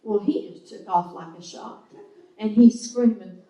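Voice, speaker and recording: A woman's voice: mid-range voice, fairly even intonation, normal speed, dark tone. Woman telling a grief story in a hall. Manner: emotional, acts out the voices in her story. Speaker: guest speaker sharing a testimony. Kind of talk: personal storytelling testimony. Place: church hall. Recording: echoey hall, mic at a distance.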